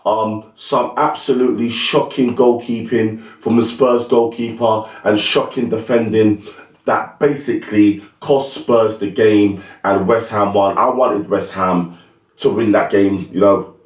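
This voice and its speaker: A man's voice: lowish voice, steady tone, measured pace. A man giving blunt, opinionated, slangy football commentary as host of his own channel. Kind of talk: casual solo commentary. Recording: roomy, mic at a distance.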